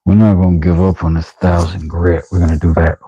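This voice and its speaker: Deep gravelly man chatting casually. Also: flat delivery, fairly quick, mellow, dry recording, lo-fi sound. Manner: joking, banters with viewers by name. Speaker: shop vlogger answering viewer questions. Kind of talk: casual chat.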